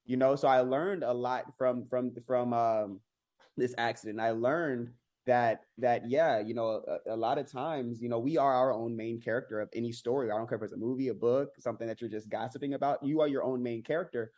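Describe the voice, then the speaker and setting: Man, podcast guest, warm dark tone, earnest, stumbling restarts. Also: mid-range voice, steady tone, fairly quick. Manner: earnest, many restarts and repeated words; rises sharply when mimicking others. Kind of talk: candid personal storytelling.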